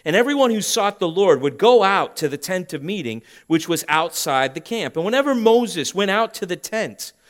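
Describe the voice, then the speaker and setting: A man preaching a sermon as pastor, swinging between loud emphasis and hushed tones. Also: high-pitched, very animated, normal speed, hardly any pauses.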